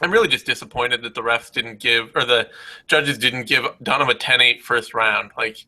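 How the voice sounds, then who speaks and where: A man's voice: mid-range voice, normal speed, pushed and bright, low-quality recording. A man co-hosting a casual post-fight chat, blunt and emphatic, swearing freely as he breaks down the bouts. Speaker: co-host.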